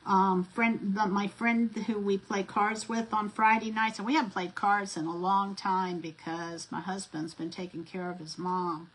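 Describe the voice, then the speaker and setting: At an unhurried pace with few pauses, a middle-aged woman speaks in a medium-pitched voice with little pitch movement on a rough recording. Working on her craft vlog, she chats and rambles through stories, full of fillers and restarts.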